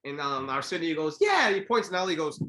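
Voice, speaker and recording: A man's voice: fairly high pitch, fast talker. A man co-hosting a casual boxing history podcast, telling stories and acting out the quotes. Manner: animated storyteller, acts out quotes. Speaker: podcast co-host. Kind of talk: casual chat.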